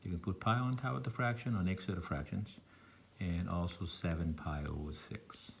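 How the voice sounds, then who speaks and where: Deep-voiced math teacher with thick Lao accent. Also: male voice, normal speed, vocal fry, a little hiss or hum. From Laos. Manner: thinking aloud, meandering, self-deprecating asides. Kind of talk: recorded online math lesson.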